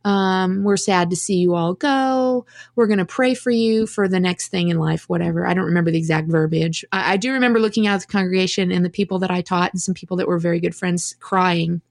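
A woman's voice: fairly low pitch, a little fast, creaky, dry recording. Candid woman telling her story, dry sound. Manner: candid, reflective, with restarts and rueful laughs. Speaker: podcast guest. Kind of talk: conversational storytelling.

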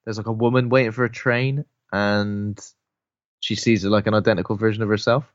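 A man's voice: fairly low pitch, little pitch movement, no echo. Man musing on a film podcast, lo-fi. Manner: musing, jokey, quick asides. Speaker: podcast co-host. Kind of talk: casual film podcast chat.

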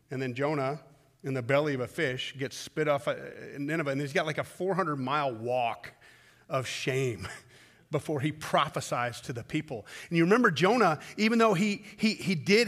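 A man preaching a sermon as pastor, swinging from loud emphatic peaks down to low, intimate pleading. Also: long reverb tail. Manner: impassioned, rising to loud peaks then dropping low and intimate.

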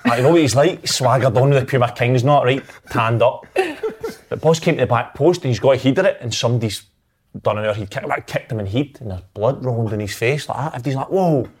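A Scottish man tells football stories in a relaxed chat. He is lively and acts out the other people in his tales. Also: medium pitch, fast talker, husky. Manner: animated, acts out quotes, laughs while telling. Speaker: former footballer guest. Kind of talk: casual storytelling chat.

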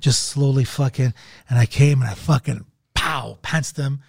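Creaky and darkish, slightly rough, this male comedian's voice moves at normal speed. Guesting on a podcast, he chats casually through a story, cursing nonstop and voicing the quoted dialogue with large leaps in pitch.

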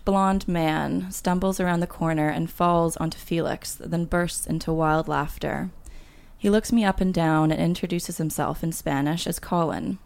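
Low, gravelly woman author; chatty, laughs easily, reads memoir aloud. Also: a little mellow. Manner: laughs often, reads with light voicing of dialogue. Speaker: guest author. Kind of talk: casual chat, then reading her memoir aloud.

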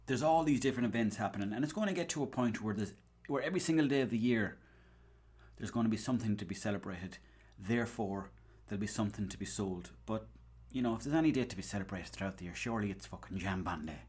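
A man's voice: fairly low pitch, fast talker, darkish tone, slightly rough. An Irish man hosting a podcast, rambling through a comic story, swearing and acting out bits of dialogue. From Ireland. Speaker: podcast host. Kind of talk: casual comedic monologue.

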